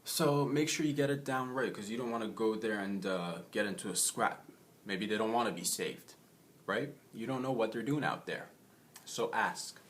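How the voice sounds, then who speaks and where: A man's voice: on the low side, moderate pace, fairly bright tone, a little hiss or hum. A young man hosting a comedy show, telling a brash, jokey monologue and calling his audience bros.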